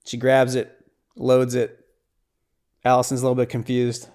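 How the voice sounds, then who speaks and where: Male podcast host, mid-range pitch, clear and resonant, casual chatty recap style. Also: monotone, moderate pace, a little mellow. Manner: chatty, lots of "like" and "right?". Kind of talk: casual scene-by-scene film recap.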